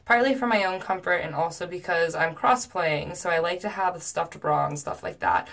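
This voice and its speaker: A woman's voice: fairly low pitch, normal speed, vocal fry, a bit bright. A young adult woman in a casual storytime vlog, talking in a chatty way with lots of fillers and reading messages aloud. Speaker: cosplayer recounting messages.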